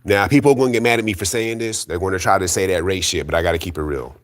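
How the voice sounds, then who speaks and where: Speaking fast in a deep voice, a man who does boxing commentary on YouTube delivers a heated solo rant. He swears, stays blunt and argumentative, repeats himself, and keeps calling out the people who criticize him.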